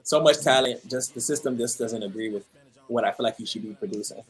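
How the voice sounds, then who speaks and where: A man with a husky, slightly rough voice chats casually about sports as a podcast co-host. He hesitates and repeats words as he goes, often pulling the talk back on track. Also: mid-range voice, quick pace. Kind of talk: casual fantasy football chat.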